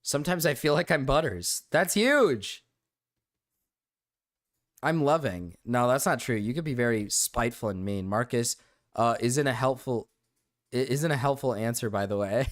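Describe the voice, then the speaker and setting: A man's voice: mid-range voice, expressive, moderate pace, no echo, studio quality. A man streaming live, chatting loosely with his viewers, joking and swearing casually as he reads the chat.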